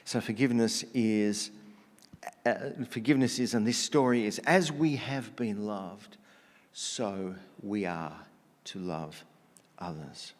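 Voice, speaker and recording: A man preaching a conversational sermon, telling stories in a relaxed, casual way with slang and frequent restarts. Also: lowish voice, slow, big-room sound.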